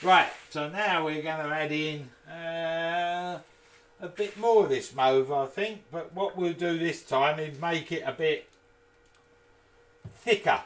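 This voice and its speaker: A man's voice: fairly high pitch, slow pace. A man hosting a casual live woodturning demonstration from his home workshop, chatting and making jokey asides to viewers. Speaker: woodturner and channel host.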